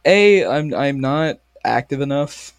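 A man's voice: mid-range voice, animated, takes it slowly, no echo, studio quality. A young man co-hosting a casual podcast, swearing a lot and retelling stories with animation. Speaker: podcast co-host. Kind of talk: casual chat.

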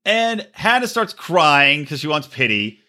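A man co-hosting a podcast, swearing freely as he recaps a reality show with lively mimicry. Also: unhurried. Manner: profane, animated storytelling with shrill mimicry. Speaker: podcast co-host. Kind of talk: crude casual chat, recapping a reality show.

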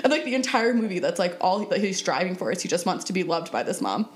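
A woman's voice: fairly low pitch, big pitch swings, quick pace, a little hiss or hum. A woman co-hosting a podcast in casual chat, talking loosely with lots of "like" fillers and laughing through her stories. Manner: chatty, many "like" fillers, laughs while telling stories. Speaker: podcast co-host.

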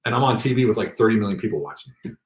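A middle-aged man with a low voice tells his story in a loose, animated way, slipping into other people's voices. He is recorded at home, and the room gives his voice a noticeable echo. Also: rapid-fire. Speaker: guest telling his story. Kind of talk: casual storytelling. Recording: echoey room.

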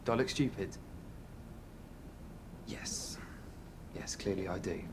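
An actor playing a dry, sarcastic young British night attendant in a live-action game, clipped and deadpan. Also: male voice, low-pitched, slow, whispered.

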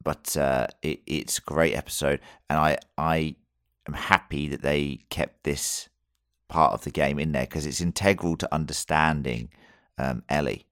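Deep guy co-hosting a podcast, lots of restarts, dry sound. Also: steady tone, measured pace, a bit bright, no echo. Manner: rambling, many restarts and fillers. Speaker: podcast co-host reviewing a TV episode. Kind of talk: casual chat.

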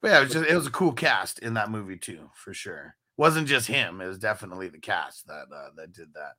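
Male host, casual and loose, with lively, bright delivery and plenty of laughs. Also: fairly low pitch, fairly quick. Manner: loose, laughing, profane banter. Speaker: fantasy football podcast host. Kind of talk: casual chat.

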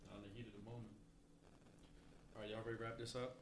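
A man's voice: on the low side, level tone, fast, noisy background. A man co-hosting a podcast in casual chat, laid-back and chiming in with short reactions. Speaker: podcast co-host.

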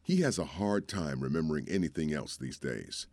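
Storyteller, male, solemn and measured, deep voice, dry close sound. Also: animated, darkish tone, no room sound. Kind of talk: scripted story narration.

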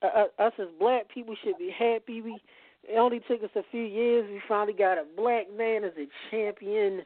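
A man's voice: sits high, steady tone, fairly quick, no echo. A man as a podcast guest in casual chat, rambling and repeating words as he goes. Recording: tinny phone-like line.

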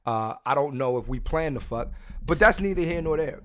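A man's voice: on the high side, animated, a little fast. Brash, rambling man hosting a podcast. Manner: brash, profane, rambling with repeated restarts. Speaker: podcast host. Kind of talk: casual podcast chat.

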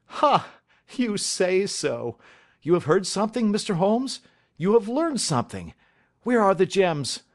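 A man voicing an excitable, distraught middle-aged banker in an audiobook, pleading and bursting with emotion. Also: fairly high pitch, measured pace, voice pushed up. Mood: eager. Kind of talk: audiobook character reading.

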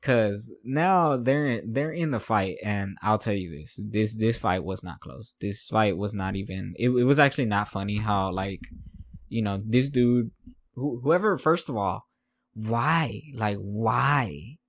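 A man's voice: lowish voice, measured pace, no room sound. A man hosting a podcast, recapping a fight in casual chat, rambling, repeating himself and laughing at his notes. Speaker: podcast host.

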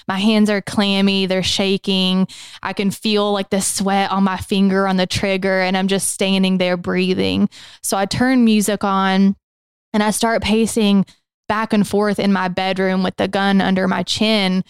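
A young adult woman co-hosting a podcast, telling her own story in an earnest, emotional way, slowing down on the hardest moments. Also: medium pitch, clean tone, dry recording. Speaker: podcast co-host. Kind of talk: candid personal testimony.

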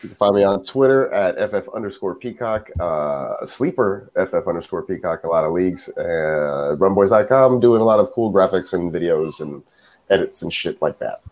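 A man appearing as a guest on a casual podcast, talking in a relaxed way. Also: deep voice, moderate pace. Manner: relaxed, laughs easily.

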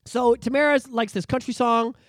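A man's voice: very high voice, fairly even intonation, moderate pace, a bit bright, no room sound, studio quality. A man hosting a casual podcast, joking and swearing freely as he talks over music. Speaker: podcast host. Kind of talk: casual chat.

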